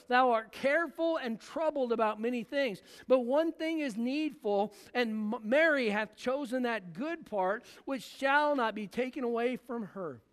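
High-voiced man preaching in a reverberant hall. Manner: preaching with acted-out voices of biblical figures. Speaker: pastor. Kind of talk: sermon.

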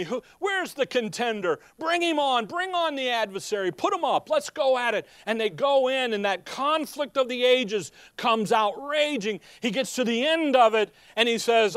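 A man preaching with a high, smooth, resonant voice, recorded close and dry. He rises from hushed asides to loud, urgent cries. He keeps breaking off to look up his scripture references. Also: dry recording. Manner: often breaks off mid-phrase to look up chapter and verse. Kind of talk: sermon.

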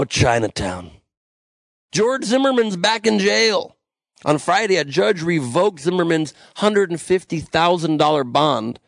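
A young man hosts a podcast, reading the headlines and then ranting about them with sarcasm and plenty of swearing. His voice sits a little high for a man and has a gravelly fry. The sound is dry and close, from a small room where he talks alone. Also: no room sound. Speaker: podcast host. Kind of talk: comedic news commentary.

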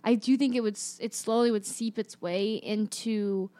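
A woman's voice: medium pitch, fairly even intonation, normal speed, warm tone. A woman co-hosting a casual talk show, speaking in a reflective way. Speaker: podcast co-host. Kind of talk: casual conversation.

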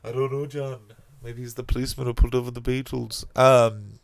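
A young man hosting a podcast, rambling and swearing as he rants, his voice rough and gravelly. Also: mid-range voice, little pitch movement, brisk. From North America. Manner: profane, rambling, heats up into shouting rants. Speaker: podcast host. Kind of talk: casual comedic rant.

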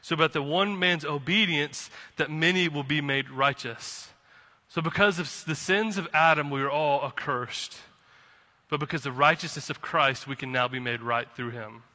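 Bright-voiced pastor preaching in a hall. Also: male voice, on the high side, moderate pace. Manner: impassioned, swings from quiet to fired-up. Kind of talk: sermon. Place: church sanctuary. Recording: long reverb of a hall.

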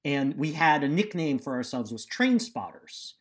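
A man's voice: on the high side, very animated, normal speed. This is a man who hosts a quiz show and co-hosts a casual podcast. His humor is dry and wry. He often makes fun of himself. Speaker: quizmaster and podcast co-host. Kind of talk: casual chat.

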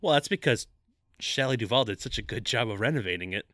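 Podcast co-host, male, dry plot-recapper, lively delivery. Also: mid-range voice, fast talker, no echo. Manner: dry storyteller retelling the plot with asides. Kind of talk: casual comedic movie recap.

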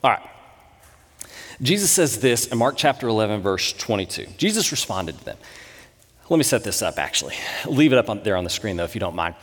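A man in his thirties, a pastor, giving a sermon with conversational, animated storytelling. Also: fairly low pitch, brisk, long pauses. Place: church sanctuary. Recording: long reverb in a church hall.

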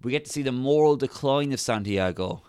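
A man retelling a film plot in a casual comedic chat, animated and quick to slip into put-on voices. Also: mid-range voice, clean tone, no echo, clean studio sound.

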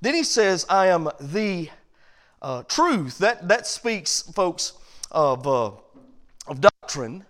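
High-voiced preaching man. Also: sing-song, takes it slowly. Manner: builds from low quiet passages to loud emphatic points. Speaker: pastor. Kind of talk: sermon.

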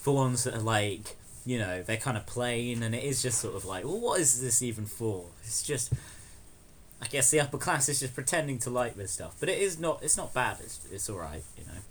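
A man's voice: mid-range voice, expressive, brisk. A young man chats on a podcast, dry and sardonic, laughing often and swearing freely. A faint hiss of noise sits behind his voice. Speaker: podcast co-host. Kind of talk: casual chat.

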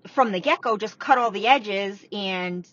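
A woman's voice: mid-range voice, unhurried, a bit bright, dry recording. A woman co-hosting a podcast from inside a parked car, chatting bluntly and casually with a bit of swearing. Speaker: podcast co-host, salon owner. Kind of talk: casual chat. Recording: dull lo-fi sound, faint background noise.

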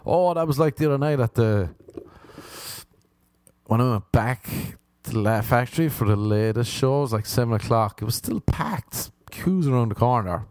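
A man's voice: medium pitch, animated, normal speed, darkish tone, no echo. A young man, hosting a podcast and rambling through comic stories about himself in a self-mocking way. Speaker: comedian podcast host. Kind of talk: casual comedic monologue.

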